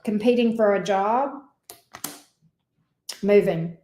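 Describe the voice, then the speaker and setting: Woman tarot reader on a livestream, mid-pitched, unhurried, affectionate pet names, echoey room. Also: warm tone, a little hiss or hum. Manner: affectionate, calls viewers babe and sweetie; casual and salty, swears lightly. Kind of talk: livestream tarot readings for viewers.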